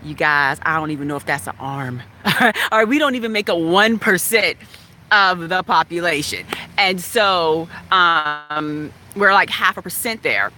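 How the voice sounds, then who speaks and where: A woman from West Virginia frankly telling a personal story in a chatty, animated way. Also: on the low side, unhurried, slight background noise. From West Virginia, USA. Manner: frank, animated, chatty, laughs now and then.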